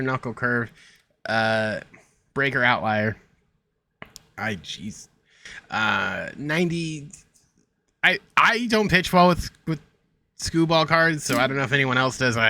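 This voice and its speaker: A man's voice: mid-range voice, pushed and bright. A young man giving casual, rambling game commentary as a streamer, reading out stats with a sarcastic edge. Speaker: gaming streamer.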